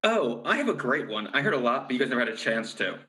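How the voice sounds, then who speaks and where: A man co-hosting a comedy podcast over a video call, making wry, deadpan asides. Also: medium pitch, fast. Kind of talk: casual comedic chat and script reading. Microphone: video call on a mobile hotspot.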